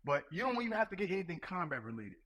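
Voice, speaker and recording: Male podcast guest, fairly high voice, lively pitch, emphatic slang. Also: very fast. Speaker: guest, Marine gunnery sergeant. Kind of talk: casual chat.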